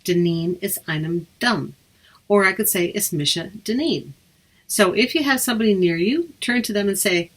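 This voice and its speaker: A woman with a slightly low voice leads a beginner lesson. She is patient and slows down to repeat each phrase for her listeners. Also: lively intonation. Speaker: Irish language teacher. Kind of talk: language lesson.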